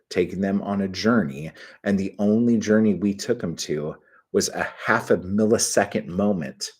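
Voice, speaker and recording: Man, low husky voice, unhurried, casual livestream host, swears a lot, middle-aged. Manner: swearing, rambling and excitable. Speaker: channel host.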